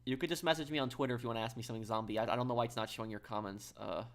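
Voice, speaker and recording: Male game streamer, casual chat, repeats himself, mid-pitched voice, reads chat aloud. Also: steady tone, very fast, fairly bright tone.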